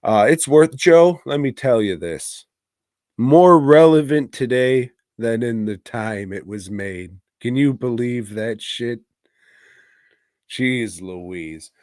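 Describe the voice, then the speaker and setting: A man's voice: medium pitch, expressive, slow pace, a little mellow, dry recording, clean studio sound. A man co-hosting a casual movie review podcast, teasing his co-host and swearing freely. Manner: profane, teasing, drawling.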